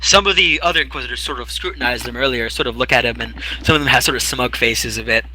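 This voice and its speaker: A man's voice: mid-range voice, fast talker, sharp tone, slight background noise, low-quality recording. A man narrating a tabletop role-playing game as game master, rambling with fillers and restarts.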